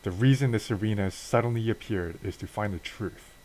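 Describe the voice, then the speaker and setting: Ethereal guardian spirit, voiced by a man, solemn, deep and grave. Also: a little fast, darkish tone, slight background noise, close to an everyday voice, poor audio.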